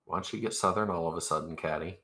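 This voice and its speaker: A man's voice: low-pitched, quick pace, bright, forceful tone. A man playing in a tabletop game, laid-back and teasing. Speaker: player. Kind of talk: casual tabletop play.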